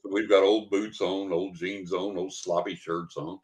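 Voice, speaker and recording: An older man with a fairly low voice rambles through a story. He chuckles as he goes in a casual podcast interview. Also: little pitch movement, normal speed. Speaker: guest psychic and author.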